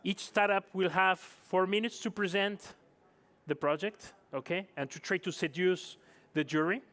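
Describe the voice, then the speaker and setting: A man's voice: sits high, fairly even intonation, moderate pace, a bit bright. A man hosting a startup competition on a conference stage, chatty and apologetic, with slightly non-native phrasing. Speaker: event host. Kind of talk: live event hosting.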